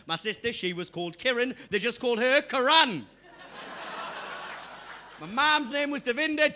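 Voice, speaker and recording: This young Englishman from England, a stand-up comedian with a Geordie accent, performs a live set in a high, sharp voice with a slight hiss or hum. He talks straight to the audience and punches up his lines.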